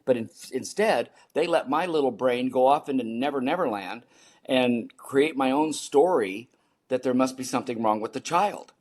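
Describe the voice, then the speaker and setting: An older man, a podcast guest, telling personal stories in an animated way and acting out the people in them. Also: medium pitch, normal speed. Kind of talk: storytelling in a podcast interview.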